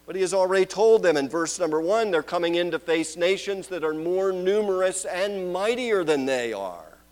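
A man preaching a sermon, moving between loud proclaiming and hushed, drawn-out questions. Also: high-pitched, lively intonation, low-quality recording.

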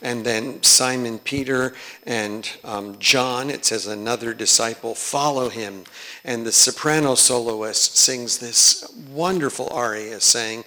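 A man leading a guided lesson, reading passages aloud slowly and reflectively, with frequent fillers between readings. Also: medium pitch, pushed and bright. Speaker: teacher leading a study of a sacred choral work.

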